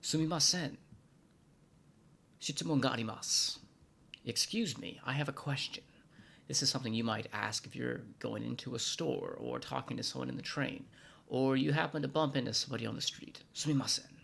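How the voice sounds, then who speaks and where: Speaking fairly quickly at medium pitch, this American man has a husky voice with vocal fry. He hosts a Japanese-language vlog with scripted educational narration, keeping it playful with hushed asides and mock-formal bits.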